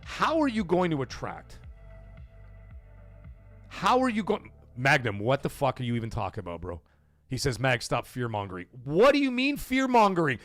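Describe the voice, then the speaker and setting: A man's voice: normal speed, long pauses, dry recording, soft background music. A man hosting a gaming livestream, ranting casually with lots of swearing and rhetorical questions, acting out quoted voices. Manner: profane, animated, rhetorical questions; acts out quoted voices with pitch jumps. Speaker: livestream host.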